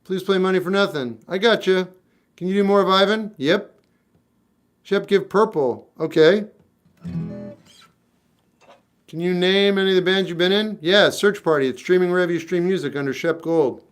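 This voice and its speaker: A man in his fifties, a singer-songwriter, chats casually on a livestream and answers comments in a blunt, wry, offhand way. His voice is high-pitched and clean, at a normal speed with frequent pauses, with guitar playing in the background.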